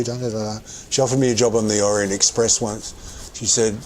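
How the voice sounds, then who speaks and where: Low-voiced man telling rambling stories. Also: fairly even intonation, fairly quick, few pauses, a little hiss or hum, low-quality recording. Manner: rambling, self-correcting anecdote-telling. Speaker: streamer telling stories while gaming. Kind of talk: casual storytelling while playing a game.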